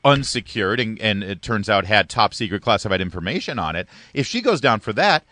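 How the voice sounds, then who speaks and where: A man's voice: on the low side, sing-song, brisk, pushed and bright, no room sound. A man co-hosting a political talk radio show, asking probing questions in an eager, engaged way.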